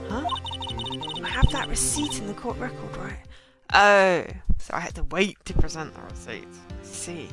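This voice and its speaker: A woman plays an excitable young male defense lawyer in a courtroom video game. He is earnest and urgent, and his pitch jumps around. Game music plays clearly behind him. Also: moderate pace.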